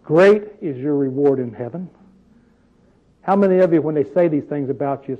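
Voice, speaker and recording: High-voiced preacher asking the crowd questions. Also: male voice, moderate pace, phone-quality sound. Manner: conversational, rhetorical questions, emphatic. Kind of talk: sermon.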